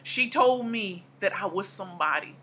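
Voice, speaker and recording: A woman's voice: mid-range voice, expressive, normal speed, pushed and bright, husky. A woman in her thirties giving a motivational speech, emphatic and repeating lines for punch. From American South / Midwest. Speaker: motivational speaker.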